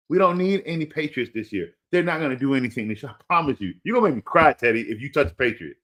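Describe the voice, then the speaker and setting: A fantasy football host speaks fairly quickly in a slightly high, somewhat bright voice with big swings in pitch. In a relaxed, opinionated rant, he pleads with a listener, repeats his warnings insistently, and laughs at himself good-naturedly.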